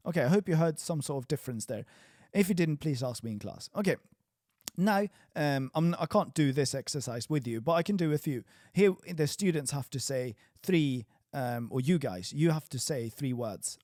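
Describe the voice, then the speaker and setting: Upbeat male language teacher, lively. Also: moderate pace, no room sound, clean studio sound. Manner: upbeat, drills sounds with high exaggerated repetitions. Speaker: Chinese teacher. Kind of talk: recorded online pronunciation lesson.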